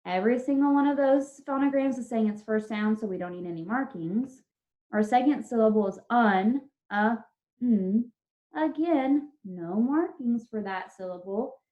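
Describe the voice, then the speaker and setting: A woman teacher giving an online spelling lesson over a video call, dictating words slowly and drawn out, patient and encouraging with her class. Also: fairly high pitch, dark tone. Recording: dull lo-fi video call audio.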